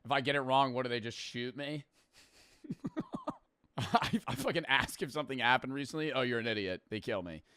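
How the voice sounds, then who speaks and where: Young dude streamer reacting, bright voice, excitable and cussing, dry mic. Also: male voice, mid-range voice, moderate pace, long pauses, no echo. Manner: excitable, profane, rambling banter. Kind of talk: casual reaction commentary.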